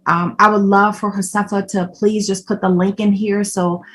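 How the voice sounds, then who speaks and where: A woman's voice: mid-range voice, flat delivery, normal speed. A middle-aged woman with a mid-range voice hosts a panel. She praises a guest effusively, circling back to "more importantly". She sounds moved as she speaks. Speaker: event host. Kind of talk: casual panel conversation.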